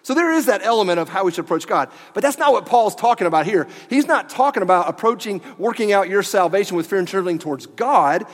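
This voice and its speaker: A man preaching a sermon as pastor of a church, animated and at times dropping to quiet emphasis. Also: high voice, fast, hardly any pauses. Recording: long church hall reverb.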